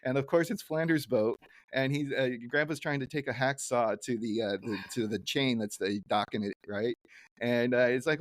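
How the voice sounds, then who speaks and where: A man's voice: normal speed, no echo. Rambling man with a dry, close sound. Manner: rambling, many fillers, breaks into silly high character voices when quoting. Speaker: podcast co-host. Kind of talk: casual recap chat about a cartoon episode.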